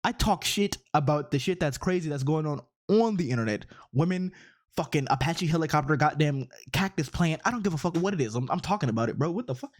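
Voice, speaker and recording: A man's voice: a little high, lively intonation, fairly quick. A man giving an exasperated, profane rant as commentary on online posts, repeatedly incredulous. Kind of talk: ranting commentary on social media posts.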